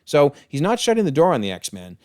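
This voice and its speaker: A man's voice: a little high, wildly swooping pitch, a little fast, a little mellow, dry recording, studio quality. A man giving a casual, enthusiastic episode breakdown, chatty with frequent exclamations and chuckles. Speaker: TV episode reviewer.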